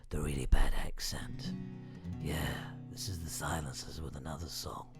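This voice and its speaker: A man putting on a whispered late-night radio DJ voice, slow and breathy. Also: a bass voice, steady tone, over loud music, pitched below the performer's own voice. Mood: hushed. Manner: slow, murmured patter.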